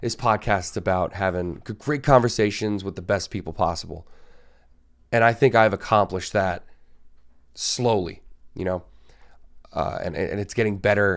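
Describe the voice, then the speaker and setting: A podcast host with a hoarse, sore throat who talks in a half-whisper, rambling casually, swearing and repeating himself as he restarts sentences. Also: sits low. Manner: repeats words and restarts often. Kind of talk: solo podcast monologue.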